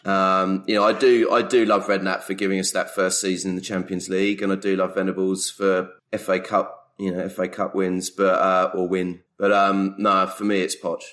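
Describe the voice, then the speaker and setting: A man speaking as a podcast guest in a measured, hesitant way with many pauses. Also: low voice, flat delivery, a bit bright. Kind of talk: casual chat.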